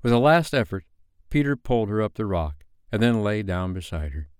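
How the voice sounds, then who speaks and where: A man reads a bedtime story in a smooth, lowish, sing-song voice, measured and gentle, shaping each sentence with care. The recording is close and dry.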